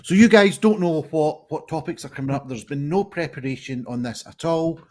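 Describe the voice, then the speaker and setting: A man's voice: fairly high pitch, moderate pace, darkish tone. A man hosting a live online pun contest over a video call, chatty and rambling with many fillers. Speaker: host. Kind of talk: casual live stream hosting.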